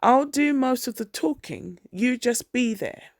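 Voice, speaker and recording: Narrator playing a firm, no-nonsense woman banker, gravelly, dry. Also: on the high side, expressive, measured pace, a little mellow, no room sound, voice pushed up. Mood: determined. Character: blunt, guarded woman bank officer.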